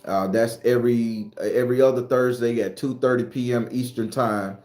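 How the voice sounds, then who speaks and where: A man's voice: mid-range voice, fairly even intonation, moderate pace, a little mellow. A man hosting a casual live stream, talking loosely and profanely to his viewers. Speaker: spiritual live-stream host. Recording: roomy echo, faint music behind.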